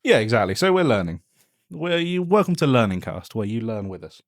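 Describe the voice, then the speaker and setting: A man's voice: medium pitch, sing-song, brisk. Bantering, sweary man. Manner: jokey, sweary, rambling banter. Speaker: podcast co-host. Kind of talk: casual chat. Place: home podcast setup, indoors. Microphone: studio microphone on a stand.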